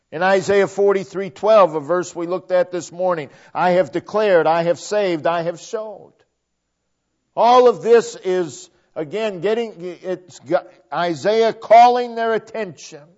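Slow, deliberate preacher man. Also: high-pitched, darkish tone. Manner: slow, deliberate, repeats phrases for emphasis. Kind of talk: sermon. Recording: dull lo-fi recording.

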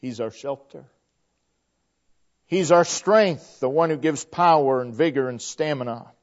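A man preaching a sermon, slow and emphatic, his phrases often falling away to a quiet close. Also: mid-range voice. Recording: dull lo-fi recording.

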